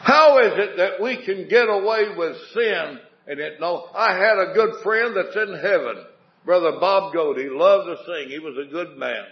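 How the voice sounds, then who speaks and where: High-voiced folksy preacher man. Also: moderate pace, echoey room, lo-fi sound. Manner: folksy, questioning the congregation with homespun jokes. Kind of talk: revival sermon.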